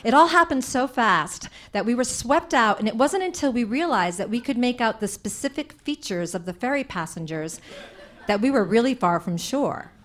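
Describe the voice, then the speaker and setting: A young woman telling a comic personal story on stage, animated and chatty, with many fillers. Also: mid-range voice.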